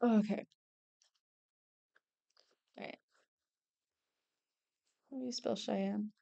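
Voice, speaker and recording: A woman's voice: mid-range voice, steady tone, drawn-out words, creaky, dark tone, no echo, dull audio. A young woman streaming her drawing, chatting casually in a rambling, self-deprecating way and laughing often. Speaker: streamer and artist. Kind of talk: casual chat while drawing.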